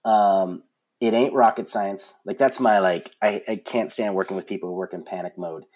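A man in his forties tells stories as an interview guest, his voice a little husky. He talks in an animated way and restarts his sentences often, filling gaps with "um" and "like". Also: low voice, moderate pace. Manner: animated storyteller, many fillers and restarts. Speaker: concert production guest. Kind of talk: casual interview storytelling.

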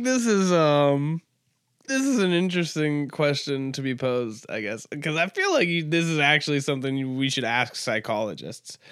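A man's voice: a little high, clear, resonant tone, dry recording, clean studio sound. Rambling, crude male podcast host. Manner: rambling, filler-heavy, crude and joking. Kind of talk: casual comedic monologue.

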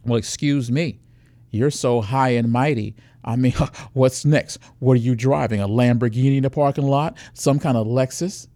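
A man acting out a pushy male predator who flatters and then needles, in a raised, animated voice. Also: high voice, moderate pace, gravelly, no echo, voice pushed up. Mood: needling. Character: pushy smooth-talking adult male predator.

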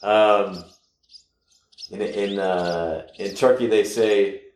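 A man from the United States recounts a personal story in a casual, rambling way, his slightly low voice stumbling over restarts before jumping into loud, animated bursts. The room around him is echoey. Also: very slow, slight background noise.

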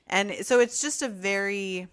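A woman's voice: medium pitch, unhurried, a bit bright, clean tone. A woman co-hosting a podcast, chatty and loose, often acting out what other people might say. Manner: chatty, acts out quoted voices, laughs often. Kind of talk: casual podcast discussion.

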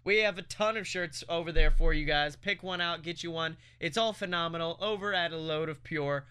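A man's voice: fairly high pitch, fairly quick, sharp tone, clean tone. A man co-hosting a podcast, rambling through a merch plug and stories with laughs and self-mocking asides. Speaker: podcast co-host. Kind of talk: casual podcast banter.

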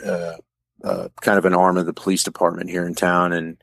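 A man from the American Midwest with a very deep voice, speaking haltingly in a casual discussion. The sound is dry and close, with no room echo. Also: little pitch movement, vocal fry, fairly bright tone. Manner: halting, searching for words.

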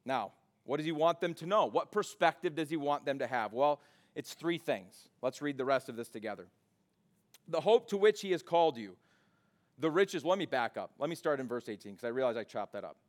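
A man preaching a sermon in a church, mixing scripture with casual storytelling and animated retellings. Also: on the high side, a little fast. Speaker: pastor. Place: church sanctuary.

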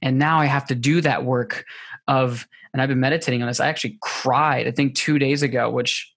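A man in a candid podcast conversation, talking reflectively and often pausing to search for words. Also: medium pitch, fairly even intonation, fairly bright tone, no room sound. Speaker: podcast guest.

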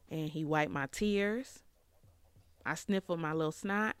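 A woman in her thirties tells a personal story as a podcast host. Her voice sits a little low, and the recording is dry and close. She talks in a reflective way, with fillers and pauses. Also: smooth, no room sound. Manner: reflective, tearful at times, with fillers.

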